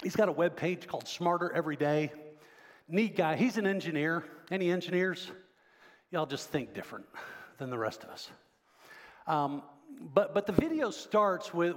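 A man's voice: a little high, animated, moderate pace, big-room sound. A man preaching a sermon as pastor, talking conversationally and quizzing the congregation. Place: church sanctuary.

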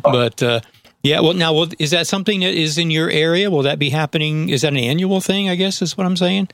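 A man hosting a radio interview, his voice sitting a little high for a man. His talk is folksy and hesitant, full of uhs and restarts, and the sound is dry and close with no room echo. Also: a little fast, fairly bright tone.

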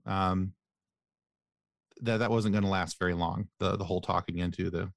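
Podcast guest, low-pitched man, hesitant storyteller full of fillers, dry sound. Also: fairly even intonation, moderate pace, gravelly, no echo. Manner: hesitant, rambling, many fillers. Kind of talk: casual podcast interview.

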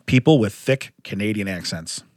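A man's voice: lowish voice, normal speed, no room sound, clean studio sound. A man in his forties co-hosting a podcast in casual chat, telling stories and acting out the quotes. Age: 40s. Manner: animated storyteller, acts out quotes. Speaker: podcast co-host.

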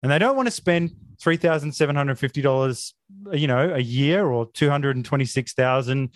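A man hosting a film podcast, talking in a sarcastic, mock-outraged deadpan. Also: a little high, moderate pace, no echo, clean studio sound. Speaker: podcast host. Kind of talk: casual film review chat.

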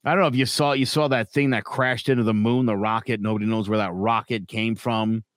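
Low-voiced rambling man, dry sound. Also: steady tone, fairly quick, no echo. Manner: rambling, opinionated, frequent fillers. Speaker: podcast co-host. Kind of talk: casual chat.

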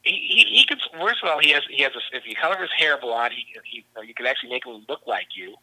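A man chatting as a guest, talking fast and eagerly. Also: mid-range voice, expressive, pushed and bright, poor audio. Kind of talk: casual chat.

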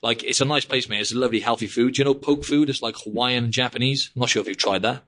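Fast-talking chatty male podcast host. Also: mid-range voice, fairly bright tone. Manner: chatty, rambling, drops "mate" and "like" constantly. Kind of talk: casual podcast chat.

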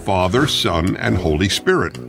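A man's voice: low voice, creaky, full character voice. A man reading a kindly storybook grown-up. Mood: explaining. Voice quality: flat, unvaried reading voice. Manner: reads words evenly, no pauses or voice changes. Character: kindly grown man explaining things to his dog. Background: background music.

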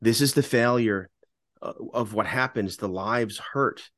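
This lowish, fairly bright male voice comes through clean studio audio with no room sound, unhurried. He's an impassioned radio talk show host co-hosting a political podcast, repeatedly starting his sentences over.

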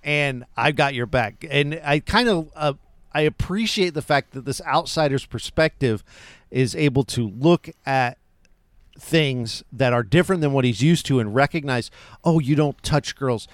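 A man's voice: mid-range voice, moderate pace, no room sound. A man co-hosting a podcast, casually retelling film scenes and chatting. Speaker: podcast co-host.

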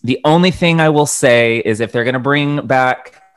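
A man co-hosting a podcast in casual chat, expressive and playfully dramatic. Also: mid-range voice, moderate pace, smooth. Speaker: podcast co-host.

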